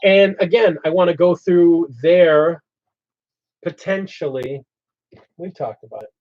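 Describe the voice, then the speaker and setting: A man's voice: on the high side, a little slow. Man hosting a rambling hobby chat. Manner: meandering, thinks aloud while explaining plans. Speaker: hobby channel host. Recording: slightly dull lo-fi audio.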